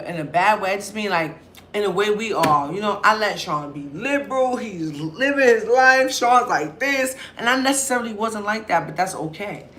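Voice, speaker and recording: Young woman vlogger: bright tone, loud chatty storytelling, a faint hum of noise behind her. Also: medium pitch. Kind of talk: casual talk to camera.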